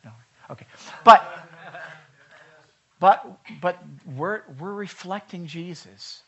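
A pastor with a high-pitched voice preaches slowly at a church service, speaking loosely and conversationally while putting questions to the congregation.

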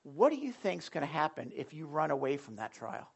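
A pastor preaching a sermon in a loose, conversational way, with jokes and asides to the congregation. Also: male voice, a little high, big pitch swings, fairly quick, creaky, breathy edge.

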